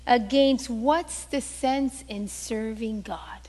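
A woman's voice: on the high side, slow, darkish tone, big-room sound. A woman pastor preaching a sermon, telling stories animatedly and acting out the voices she quotes.

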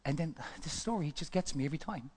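A man preaching a sermon and telling a story, swinging between loud exclamations and hushed whispers. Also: on the high side, animated, fast talker, slight background noise. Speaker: pastor. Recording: long hall reverb.

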